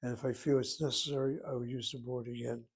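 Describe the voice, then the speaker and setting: A man teaching a Hebrew lesson, explaining slowly and carefully and sounding out words. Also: mid-range voice, level tone, slightly rough. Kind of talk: slow classroom lesson.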